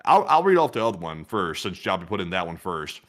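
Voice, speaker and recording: A man's voice: sits low, very animated, fast talker. A man co-hosting a casual news livestream, rambling and sarcastic with many fillers. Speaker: co-host.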